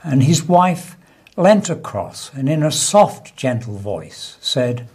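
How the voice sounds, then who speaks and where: A man spins a short comic anecdote in relaxed chat. His voice is a little husky, and his pitch rises and falls freely as he builds the story. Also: slow. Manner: animated storyteller, lively pitch. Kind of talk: casual chat, telling an anecdote.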